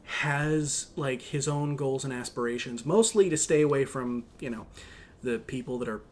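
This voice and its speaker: A man's voice: mid-range voice, normal speed. A man co-hosting a podcast in casual chat, rambling with many fillers and restarts. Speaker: podcast co-host.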